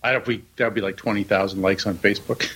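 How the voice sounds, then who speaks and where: A man co-hosting a podcast, telling a story in a joking, halting way. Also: fairly low pitch, steady tone, fairly bright tone, breathy edge, rough recording. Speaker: podcast co-host. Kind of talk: casual chat.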